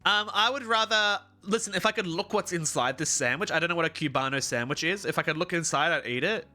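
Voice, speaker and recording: A man's voice: on the high side, animated, fast talker, sharp tone, faint music behind. A young man chatting on a live stream, swearing freely, ranting and slipping into mock-heroic storytelling. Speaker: livestreamer. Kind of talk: casual live-stream chat.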